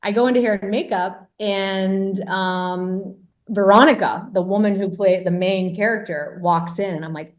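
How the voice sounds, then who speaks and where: A woman guest on a podcast telling a story casually, lively and self-mocking, with lots of "like" and a bit of swearing. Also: medium pitch, a little slow.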